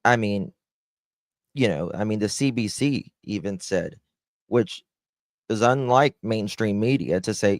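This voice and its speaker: Man, low voice, casual live-stream commentary, sarcastic, swearing, talks to chat, dry recording. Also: expressive, unhurried, pauses often, no echo. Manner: blunt, sarcastic, swearing, chatting to viewers. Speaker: live-stream true-crime host.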